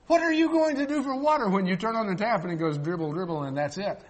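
Older guy giving a folksy sermon, highish voice that jumps all over. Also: lively intonation, fairly quick, pauses often. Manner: folksy, joking, swings from loud to soft. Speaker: preacher.

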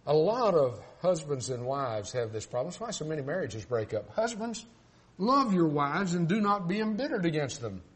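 A man's voice: fairly high pitch, big pitch swings, moderate pace. Older man preaching with big swings. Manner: folksy, joking, swings from loud to soft. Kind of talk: sermon.

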